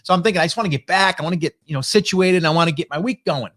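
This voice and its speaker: A man's voice: fairly high pitch, very fast, a bit bright. A middle-aged man hosting a motivational talk, telling a travel story in a casual, conversational way with frequent "right?" asides. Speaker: host. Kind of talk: motivational monologue.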